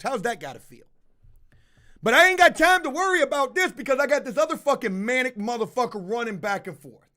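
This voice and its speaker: A man telling a story to his viewers in a loud, belligerent rant full of swearing. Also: high-pitched. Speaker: video host. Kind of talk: profane ranting storytime.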